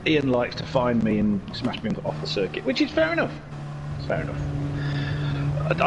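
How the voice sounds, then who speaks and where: A man's voice: a little high, heavy background noise. Jokey, rambling man commentating. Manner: jokey, rambling, self-mocking asides. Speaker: race commentator. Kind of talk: casual race commentary over game footage.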